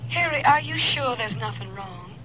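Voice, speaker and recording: An actress playing a worried, loving young wife calling her husband in a vintage radio drama, gentle and questioning. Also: on the high side, lively intonation, moderate pace, a crowd in the background, natural voice, rough recording. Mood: concerned.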